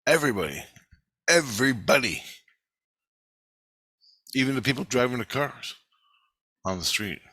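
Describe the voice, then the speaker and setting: A man's voice: mid-range voice, expressive, measured pace, long pauses, bright, forceful tone, breathy edge, no room sound. A man telling a story in an angry, rambling monologue, swearing often and repeating himself. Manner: profane, agitated, repeats himself.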